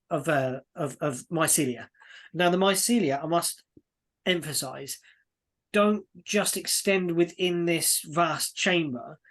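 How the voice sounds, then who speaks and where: Halting man narrating as dungeon master. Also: on the high side, fairly bright tone. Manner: halting, restarts words often. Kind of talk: narrating a tabletop game.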